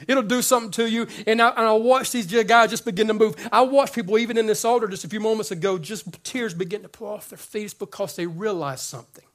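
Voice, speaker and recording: A man's voice: high voice, fast talker, few pauses, fairly bright tone. A man preaching a sermon to his congregation in a conversational, joking way, often repeating words as he builds up. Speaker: pastor.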